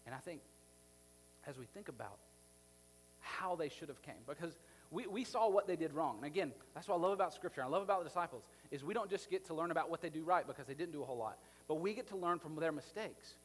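A man, a pastor, preaching a sermon in a conversational, animated way, acting out the scenes he describes. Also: a little high, fast talker, slightly rough.

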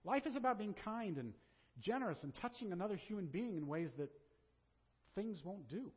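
Lively conversational preaching man in a hall. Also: high voice, normal speed, husky. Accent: Southern American. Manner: conversational preaching with rhetorical questions. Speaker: pastor. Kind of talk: sermon. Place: church sanctuary. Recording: dull sound with long hall reverb.

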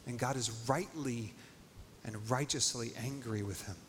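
A man's voice: mid-range voice, measured pace, fairly bright tone. A male pastor preaching a sermon in a casual, conversational way, dropping "like" often. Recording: long hall reverb, faint noise.

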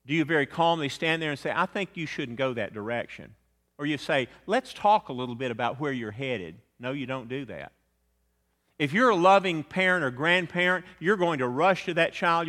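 A man preaching a sermon, earnest, rising loud on some phrases and dropping low and quiet on others. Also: long reverb tail. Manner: earnest, swells louder then drops low and quiet.

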